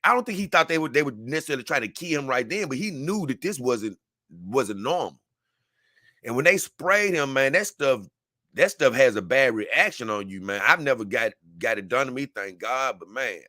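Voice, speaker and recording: A man's voice: mid-range voice, expressive, normal speed, sharp tone, dry recording, clean studio sound. Earnest man telling a story. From Memphis, Tennessee. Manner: earnest, rambling storytelling with many restarts. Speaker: vlogger. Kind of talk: casual talk to camera.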